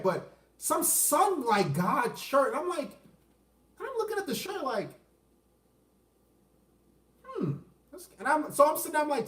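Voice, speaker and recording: A man's voice: extremely high pitch, a bit bright, far from the mic. Ranting man with a roomy echo. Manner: crude, ranting, answers chat questions. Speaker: dating commentary streamer. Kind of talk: unscripted livestream rant.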